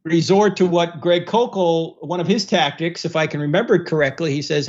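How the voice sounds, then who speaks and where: Host, male, relaxed and jokey, slightly high voice, dull online audio. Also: moderate pace, few pauses. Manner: relaxed, joking, repeats words. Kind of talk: casual livestream Q&A.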